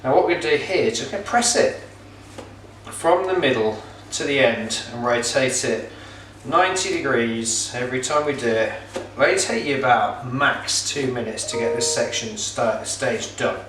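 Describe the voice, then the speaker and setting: In a casual home cooking demo, a middle-aged man who sells and presents pizza kits keeps things jokey and chatty, with many filler words. His mid-range voice is a bit bright and moderately paced, and the audio has a little hiss or hum plus roomy echo from a faraway mic.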